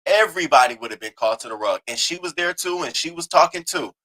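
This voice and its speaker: A man's voice: fairly high pitch, expressive, fast talker, pushed and bright, poor audio. A man hosting a news commentary show, reacting bluntly and indignantly to a video in casual, profane talk. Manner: blunt, indignant, swears freely.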